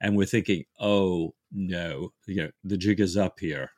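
A man's voice: low voice, measured pace, darkish tone, dry recording. A man co-hosting a book podcast, chatting enthusiastically about the story. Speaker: podcast co-host. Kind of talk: casual book discussion.

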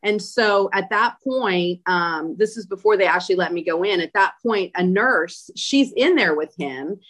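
Her voice is mid-range and fairly bright, her pace moderate, as she tells a personal story in a conversational interview. She stresses points emphatically and fills her speech with fillers.

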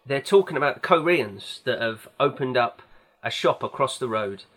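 A man's voice: mid-range voice, expressive, normal speed, a bit bright. Man, podcast host, casual film chat, rambling, enthusiastic.

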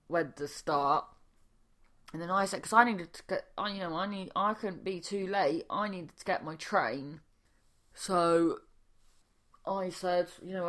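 A woman's voice: fairly low pitch, fairly bright tone. A young woman, a stand-up comedian, telling a rambling casual story with swearing and many restarts.

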